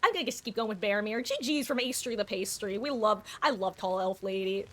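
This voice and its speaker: A woman live-streaming a game, chatting casually with viewers in an excitable, talkative way on a desktop mic. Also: medium pitch, a little hiss or hum. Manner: chatty and excitable, quick bursts of laughter. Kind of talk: casual gameplay chat with viewers.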